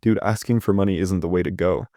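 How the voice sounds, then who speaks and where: A man's voice: sits low, fast, dark tone, dry recording, studio quality, lightly acted. A man reading the lines of a blunt man who did prison time, refusing to lend money. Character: firm man, ex-convict friend, stern.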